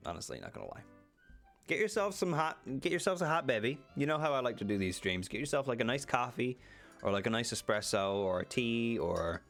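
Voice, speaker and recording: A man's voice: medium pitch, very animated, brisk, fairly bright tone, soft background music. A young man casually streaming a game, playful, with silly asides and voices. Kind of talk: casual let's-play commentary.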